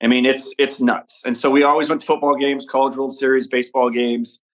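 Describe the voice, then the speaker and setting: A man from Nebraska, a podcast guest talking in a relaxed, rambling way about his upbringing and family. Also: mid-range voice, brisk, poor audio. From Nebraska, USA. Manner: easygoing, rambling storyteller. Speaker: podcast guest, father and entrepreneur. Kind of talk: casual interview conversation.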